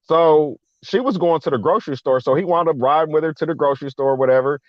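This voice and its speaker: A man's voice: on the high side, fast, dry recording. A man telling a long personal story in casual chat, slangy, acting out the people he quotes. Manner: animated, slangy, acts out quoted voices. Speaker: guest veteran. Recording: dull lo-fi dry sound.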